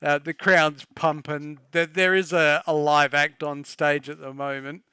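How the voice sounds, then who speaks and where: A man's voice: a little high, little pitch movement, unhurried, sharp tone, clear, resonant tone, no echo, clean studio sound. A man narrating a tabletop game as game master, playful and laughing.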